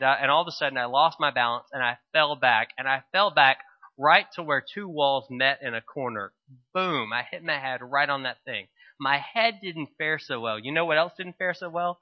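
A male pastor giving a sermon, explaining scripture and telling a humorous childhood story in a relaxed, conversational way. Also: mid-range voice, dull audio.

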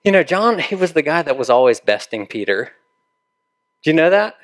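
A man's voice: on the high side, very animated, normal speed. A male pastor preaching a sermon in a conversational way, often putting questions to his listeners.

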